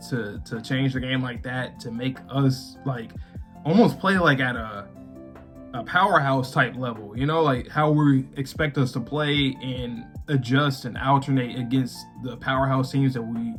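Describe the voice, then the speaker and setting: A man co-hosting an anime reaction talk, chatting loosely and laughing often. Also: medium pitch. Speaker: co-host of anime reaction channel. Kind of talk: casual chat.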